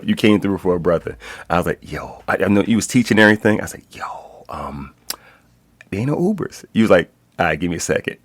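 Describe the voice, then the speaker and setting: A man's voice: low-pitched, dry recording. A man from Brooklyn with a Brooklyn accent, hosting a casual podcast in a loose, slangy, hype style. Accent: Brooklyn New York. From Brooklyn, New York. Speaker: podcast host.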